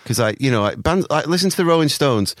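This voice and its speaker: A man co-hosting a podcast, chatting casually and telling animated stories, sometimes mimicking voices and swearing. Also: medium pitch, quick pace, dry recording, studio quality. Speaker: podcast co-host. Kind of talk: casual chat.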